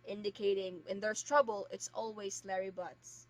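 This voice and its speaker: A woman's voice: mid-range voice, level tone, normal speed. A young woman streaming a game, chatting casually and rambling with lots of filler words. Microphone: streaming mic. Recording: very loud static hiss, poor stream mic. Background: dog.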